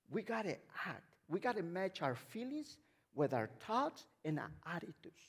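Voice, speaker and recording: A male missionary preacher delivering a sermon in a high, lively voice that swings widely in pitch. There is a gravelly rasp in his tone, and he talks emphatically, stacking up repeated words and tossing questions to the congregation. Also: moderate pace. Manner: animated, emphatic, repeats words when building up; asks the congregation frequent questions.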